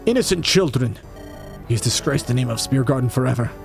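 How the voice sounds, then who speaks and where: A man's voice: mid-range voice, level tone, rapid-fire, creaky, darkish tone, soft background music, natural voice. A man voicing a treacherous general who argues slyly and insistently. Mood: accusing. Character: treacherous male general, sly and accusing. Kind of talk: fan audio drama acting.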